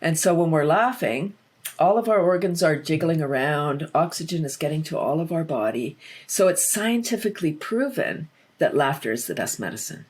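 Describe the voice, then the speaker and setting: Woman, husky, somewhat low voice, lively, laughs a lot, casual interview chat. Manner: enthusiastic, laughs often, acts out quotes. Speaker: podcast guest, laughter yoga teacher.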